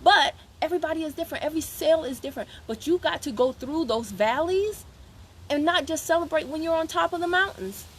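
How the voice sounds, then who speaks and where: On a live stream, a woman from Savannah, Georgia, USA coaches her network marketing sales team with an emphatic, chatty motivational talk. Her voice is high, expressive and a little fast, and she repeats herself and makes asides to viewers. A slight hiss or hum sits under the audio.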